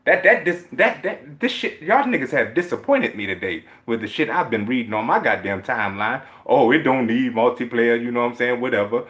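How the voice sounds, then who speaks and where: A man giving a heated, profane rant to his viewers, with emphatic repeated points that swing from low muttering to loud, high outbursts. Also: big pitch swings, a little fast, few pauses. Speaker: gaming vlogger.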